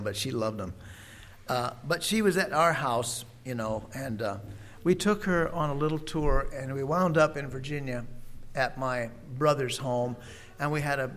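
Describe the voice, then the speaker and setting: An older man, a preacher, telling a personal story in a folksy, unhurried way with many pauses and fillers. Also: mid-range voice, a bit bright.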